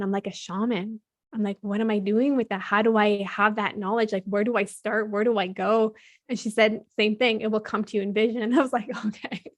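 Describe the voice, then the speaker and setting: A woman telling a personal story as a podcast guest, chatting freely and quoting what she and others said. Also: mid-range voice. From Canada. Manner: chatty, frequent "like" fillers, quotes her own and others' words.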